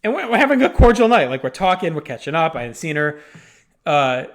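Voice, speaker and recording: Animated, chatty man telling a story. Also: a little high, fast. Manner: animated, swears freely, many fillers. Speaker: podcast co-host. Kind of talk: casual storytelling chat.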